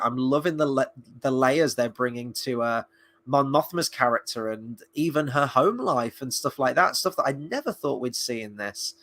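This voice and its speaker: A man reviews a TV episode during a casual live-stream chat, thinking aloud with enthusiasm and strong opinions as a film and TV reviewer. His voice is mid-range with a sharp tone.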